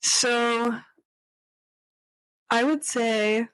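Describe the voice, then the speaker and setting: A woman's voice: a little high, fairly even intonation, drawn-out words, fairly bright tone, smooth, no room sound, low-quality recording. A young woman hosting a casual chat, talking with lots of fillers and acting out quoted voices. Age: young adult. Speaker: podcast host.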